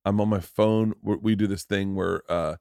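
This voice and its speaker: A man hosting a podcast, telling family stories in an animated, casual way, swearing freely. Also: lowish voice, normal speed, vocal fry, clear, resonant tone, no room sound, studio quality. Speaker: podcast host. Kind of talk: casual conversational storytelling.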